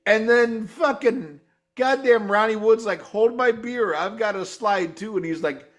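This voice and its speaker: A man hosting a casual live review chat, swearing freely and getting excited. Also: high voice, measured pace. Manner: profane, excitable, mimics guitar sounds. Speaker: show host.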